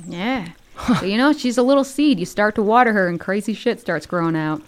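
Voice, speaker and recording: A woman playing a tabletop game, animated and chiming in with quick asides. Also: medium pitch, clean tone. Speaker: player.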